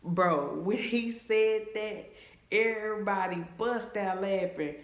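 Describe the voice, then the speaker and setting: A young woman telling a casual storytime vlog at home, chatty and animated as she talks to her viewers. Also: medium pitch, takes it slowly. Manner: chatty and animated, voices her friends' lines in quotes. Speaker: vlogger. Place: at home in a room, taking her hair down on camera. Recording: echoey room.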